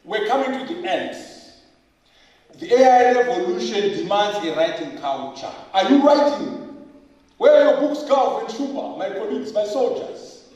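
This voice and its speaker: High-voiced, punchy man. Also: animated, normal speed, darkish tone. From Zimbabwe. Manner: rhetorical questions, jokes, emphatic repetition. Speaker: professor and author at a book launch. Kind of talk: lively public speech. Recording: echoey hall, voice from far off.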